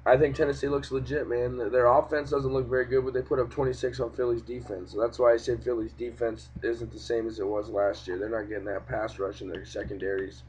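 A man's voice: mid-range voice, flat delivery, fast talker, hardly any pauses, a little mellow, slight background noise. A young man hosting a casual sports podcast, talking in a profane, ranting way about games and referees. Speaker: podcast host. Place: home room, cat nearby. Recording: dull lo-fi home podcast recording.

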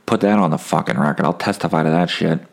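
A comedian talking straight into his own podcast, a man with a low, gravelly voice that drags into vocal fry. He rambles through a self-mocking story and swears freely as he goes. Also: quick pace. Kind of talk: casual storytelling monologue.

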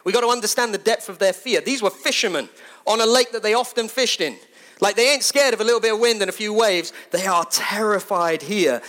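A man preaching a sermon in a conversational, animated way, repeating phrases for emphasis. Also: high voice.

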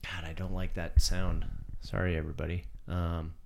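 A man's voice: low-pitched, level tone, moderate pace, vocal fry, background noise. A man co-hosting a casual music podcast, rambling with lots of fillers and self-deprecating apologies. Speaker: podcast co-host. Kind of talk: casual chat about music. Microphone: home podcast microphone.

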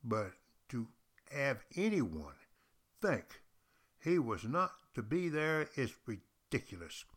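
A man's voice: mid-range voice, a bit bright. A man from Texas, giving a podcast history lecture as a teacher who tells stories emphatically and repeats key phrases.

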